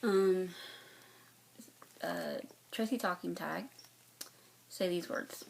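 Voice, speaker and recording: A woman's voice: on the low side, huge pitch swings, drawn-out words, vocal fry, slight background noise, low-quality recording. A woman from North Carolina with a light Southern accent, chatting casually to her viewers with lots of fillers and restarts. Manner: rambling, many fillers and restarts. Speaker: cross-stitch vlogger. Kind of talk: casual chat to camera.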